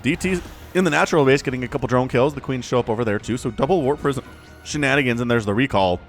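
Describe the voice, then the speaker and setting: A man casting a strategy video game match on his own, excitable and chatty, laughing often and fighting the hiccups. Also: medium pitch, fast talker, faint music behind. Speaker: game commentator. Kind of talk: solo esports play-by-play commentary.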